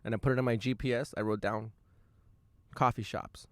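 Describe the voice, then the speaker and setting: A young man hosting his own podcast from inside his van, telling a rambling story in a loose, profane and self-amused way, with quick bursts of excitement. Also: medium pitch, dry recording. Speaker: podcast host. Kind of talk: casual storytelling monologue.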